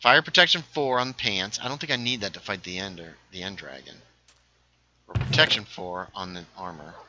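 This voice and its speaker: A man's voice: low-pitched, a little fast, pushed and bright, a little hiss or hum, poor audio. A young man casually chatting while streaming a game, a little tipsy, rambling with lots of fillers. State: slightly tipsy. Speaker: livestreamer. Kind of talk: casual gaming stream chat.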